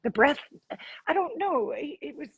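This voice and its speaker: A woman guest on an interview podcast, telling a personal story in an animated way and acting out the dialogue. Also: high voice, normal speed, dry recording, muffled recording. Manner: animated, acts out dialogue in her stories.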